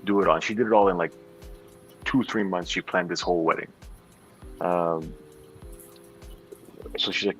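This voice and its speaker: A middle-aged man chatting casually, telling animated stories and acting out what others said. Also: sits low, a little fast, pauses often, faint music behind, rough recording. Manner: animated storyteller who acts out dialogue. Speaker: livestream co-host. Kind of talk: casual chat.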